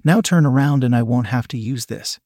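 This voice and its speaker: A man's voice: mid-range voice, a little fast, mellow, dry recording, clean studio sound, natural voice. A man voicing a menacing male intruder who talks in a mocking, commanding way, in an adult audio story reading.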